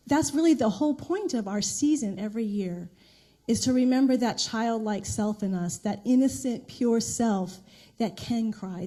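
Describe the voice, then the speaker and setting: A middle-aged woman minister preaches in a loose, conversational way, telling stories with restarts and the odd soft laugh. Her voice sits a little high, with a mellow, warm tone. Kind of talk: sermon. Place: church sanctuary.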